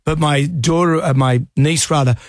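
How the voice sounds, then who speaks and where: A man's voice: fairly high pitch, normal speed, no echo, clean studio sound. An Australian man hosting a radio show, chatting in a jokey, reassuring way. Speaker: radio host. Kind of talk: casual on-air chat.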